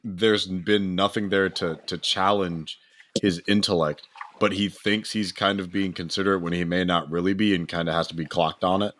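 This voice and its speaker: A man co-hosting a casual movie podcast, talking in a loose, animated way and swearing freely. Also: deep voice, normal speed. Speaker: podcast co-host. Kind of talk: casual chat.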